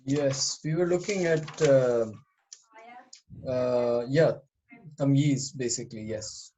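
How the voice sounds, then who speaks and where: A man, a student in an online class, giving brief relaxed answers. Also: medium pitch, slow, slight background noise. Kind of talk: casual chat.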